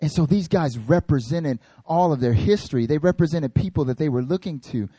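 A man preaching a casual, joking sermon in an animated, slangy way. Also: a little high, fairly quick, slightly rough, no room sound.

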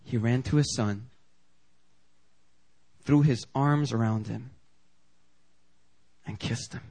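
A man's voice: medium pitch, takes it slowly, darkish tone. A man preaching a sermon in a casual, conversational way, acting out the quoted lines with big jumps in voice. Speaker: pastor.

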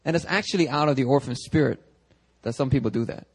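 A young male pastor preaching a casual, conversational sermon, animated and full of quick asides and restarts. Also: mid-range voice, husky. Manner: animated, chatty, frequent restarts and asides to the congregation. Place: church sanctuary.

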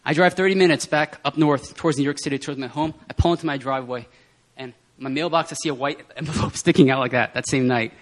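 A man speaking at a prayer meeting, telling personal testimony stories in an animated way and often laughing. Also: fairly high pitch, quick pace, hardly any pauses. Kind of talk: testimony sermon.

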